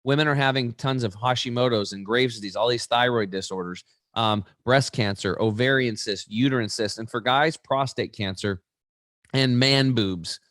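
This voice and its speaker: A man's voice: mid-range voice, normal speed, no room sound, studio quality. A man, an interview guest, explaining with energy, acting out quoted people and often restarting his sentences. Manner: animated storyteller, acts out quoted voices, many restarts.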